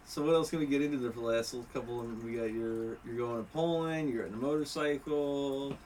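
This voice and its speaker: A man's voice: mid-range voice, fairly quick, darkish tone, recorded from a distance, slight background noise. A man co-hosting a podcast, chatting casually with dry, understated quips. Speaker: podcast co-host. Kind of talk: casual joking chat.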